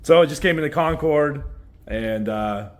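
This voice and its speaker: A man's voice: a little high, unhurried, soft background music. A man hosting a casual vlog, chatting upbeat to a handheld camera while moving around indoors in rental houses. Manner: upbeat, chatty, thinking aloud. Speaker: vlog host and short-term rental owner.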